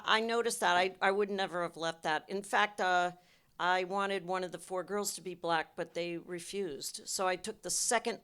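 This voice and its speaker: Older woman director, stage panel Q&A, emphatic and animated. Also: medium pitch. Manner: emphatic, animated storytelling with restarts. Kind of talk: panel Q&A answers. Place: cinema auditorium.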